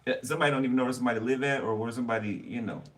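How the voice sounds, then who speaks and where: Male tarot reader, rambling and profane, distant mic with steady noise. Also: mid-range voice, very fast. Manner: rambling, blunt, swears freely. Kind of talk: casual tarot reading.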